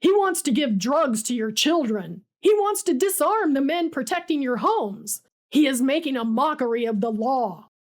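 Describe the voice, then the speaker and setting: A woman's voice: high voice, lively intonation, normal speed, hardly any pauses. A woman voicing a furious small-town male sheriff who barks accusations. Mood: barking. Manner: barking, accusing.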